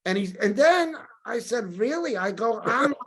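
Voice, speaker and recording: Older man, podcast guest, lively storyteller who acts out the people he quotes. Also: high-pitched, measured pace, slightly rough.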